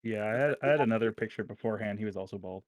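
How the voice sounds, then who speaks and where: Hesitant player, man, low pitch, dry close sound. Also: very fast, no echo. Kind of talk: casual tabletop game play.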